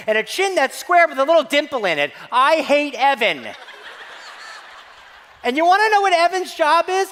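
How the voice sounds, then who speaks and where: A man giving a keynote talk to staff, telling a comic story in an animated, playful, mock-outraged way. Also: extremely high pitch. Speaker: keynote speaker. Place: large hall. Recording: long reverb of a large hall.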